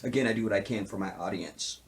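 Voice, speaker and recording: A man giving a casual, joking recap of a TV episode. He is animated and keeps asking "see what I'm saying". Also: lowish voice, fast, gravelly. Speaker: TV show reviewer.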